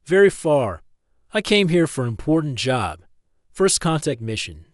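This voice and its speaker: A man voicing a polite, formal young alien princess who speaks in simple, halting English. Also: fairly high pitch, sing-song, no echo, clean studio sound. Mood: earnest.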